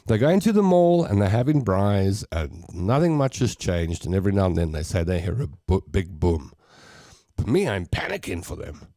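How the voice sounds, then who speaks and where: Hosting a casual livestream chat from his home studio, a South African man reads viewer comments aloud and rambles through stories, quick to laugh at his own jokes. His low-pitched voice is warm and swings widely in pitch. The recording is dry and of studio quality.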